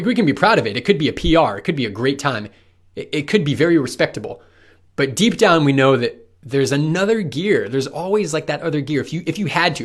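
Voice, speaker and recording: A man explaining running science to the viewer in a loose, conversational coaching talk, asking rhetorical questions. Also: fairly high pitch.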